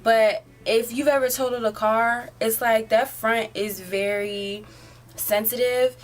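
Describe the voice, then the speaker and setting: A woman's voice: fairly high pitch, fairly even intonation, a little slow. An eighteen-year-old woman telling a story in a casual, rambling way, filling it with "like" and "um". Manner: rambling, filler-heavy, often says "like". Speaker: vlogger.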